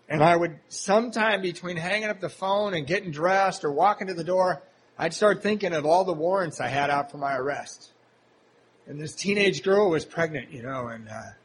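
A man from the US Pacific Northwest telling his recovery story to a meeting, candid and self-deprecating, often halting with fillers. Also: a little high, slight background noise, low-quality recording. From Seattle, Washington, USA. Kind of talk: personal recovery story told to a live audience.

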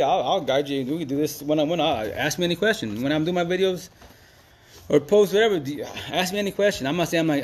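A man rattles off a loose, unscripted monologue at a quick clip. His speech is slangy and emphatic, circling back to the same phrases as he hammers a point home. His pitch sits mid-range for a man. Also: darkish tone. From Seattle, USA. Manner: slangy, repetitive, emphatic street talk. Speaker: Facebook Live vlogger.

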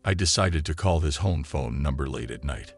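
A man narrating a listener's written story in the first person, in a calm and measured reading style. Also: a bass voice. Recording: soft music behind the voice.

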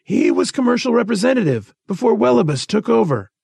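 A man's voice: very high voice, very animated, fairly quick, creaky, a little mellow, husky, no echo, clean studio sound, pitched above the performer's own voice, exaggerated voice. A man voicing a testy, evasive male spaceport official in a read-aloud story, with an offhand manner. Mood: dismissive.

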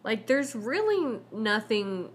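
A woman's voice: on the high side, sing-song, takes it slowly, breathy edge. A woman co-hosting a casual podcast chat, talking loosely and filling her sentences with 'like'. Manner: chatty, heavy use of 'like', laughs often. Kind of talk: casual chat reviewing a film.

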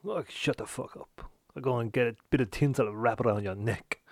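A man's voice: medium pitch, a little fast, no room sound, studio quality, natural voice. A man voicing a rude, swearing male cocktail chef whose put-on accent keeps shifting. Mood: snappy. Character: foul-mouthed aggressive male cocktail chef.

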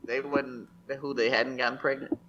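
A man's voice: medium pitch, flat delivery, normal speed, dull audio, over a noisy crowd. A man co-hosting a podcast, joking and teasing his friends in profane casual banter. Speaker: podcast co-host.

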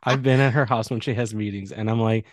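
A man's voice: fairly low pitch, steady tone, quick pace, dry recording, clean studio sound. A young man with a Chicago accent, co-hosting a podcast in easygoing casual chat with lots of fillers. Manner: easygoing, many fillers, playful. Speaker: podcast co-host.

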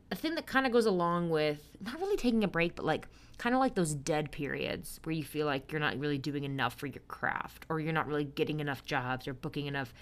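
A woman's voice: sits low, a bit bright. A young woman hosting a casual solo podcast, chatty and upbeat, who loses her train of thought and pokes fun at herself. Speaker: podcast host and stage performer.

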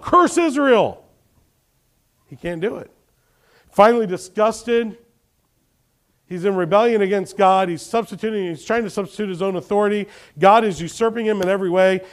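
A man preaching a sermon, telling Bible stories with animation and questioning his congregation. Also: sits high. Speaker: pastor.

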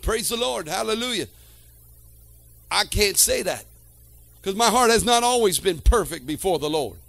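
High-voiced man preaching a sermon. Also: expressive, normal speed, vocal fry. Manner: preaching with swings from quiet to shouted; calls to the congregation.

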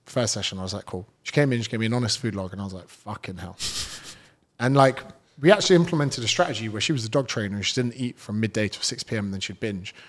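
A man's voice: fairly low pitch, expressive, rapid-fire, few pauses. A British man, a fitness trainer, telling stories as a guest in a casual podcast interview, blunt and swearing freely.

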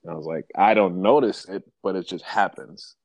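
Deep-voiced, soft-spoken man from Africa. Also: moderate pace, no room sound. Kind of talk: casual group conversation.

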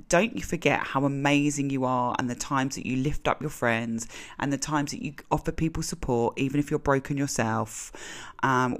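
Low-voiced British woman, candid podcast host. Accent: British English. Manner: candid, heartfelt, swears freely. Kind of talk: casual solo podcast chat.

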